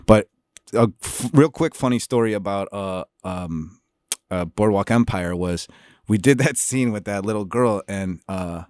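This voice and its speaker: A man's voice: lowish voice, unhurried, darkish tone, no echo, studio quality. A man from Chicago, an actor as guest, talking loosely with many fillers and restarts. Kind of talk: casual interview chat.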